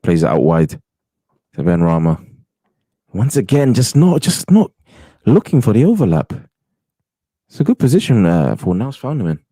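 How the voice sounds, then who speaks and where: Man, very deep voice, dark mellow tone, dry close sound, easygoing football co-commentary. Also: wildly swooping pitch, moderate pace, pauses often, no echo. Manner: laid-back, jokey side remarks. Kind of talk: casual live football commentary.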